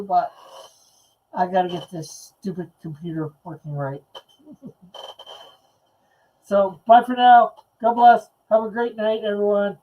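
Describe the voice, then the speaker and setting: A man's voice: high-pitched, dull audio. A man hosting a late-night live stream chat, reading comments aloud in a laid-back, chuckling way. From Canada. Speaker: host.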